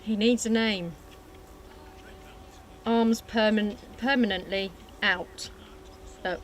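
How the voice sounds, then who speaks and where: A woman's voice: medium pitch, fairly even intonation, takes it slowly, a little hiss or hum. A woman hosting a live stream outdoors, chatty, friendly and giggly, speaking politely and nicely. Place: outdoors at an airfield.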